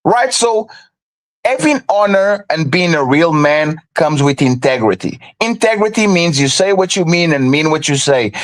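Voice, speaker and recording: A man with a high-set voice argues his case emphatically on a live stream. He keeps asking "right?" to drive each point home, heated and insistent. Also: a bit bright. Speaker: stream co-host.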